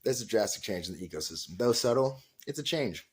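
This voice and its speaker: A man talking straight to camera in a loose storytelling monologue. He swears freely and leans hard on words, swinging from loud, high bursts to quiet asides. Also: lively intonation, quick pace. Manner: emphatic and profane, with big swings in pitch and loudness. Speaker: vlog host.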